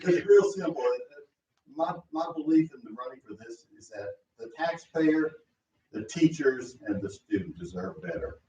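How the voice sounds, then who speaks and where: A man's voice: medium pitch, lively intonation, normal speed, dark tone. A man appearing as a guest on a radio show, talking in a folksy, rambling way. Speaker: radio guest, school board candidate. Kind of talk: casual on-air chat. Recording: roomy, distant, dull sound with faint noise.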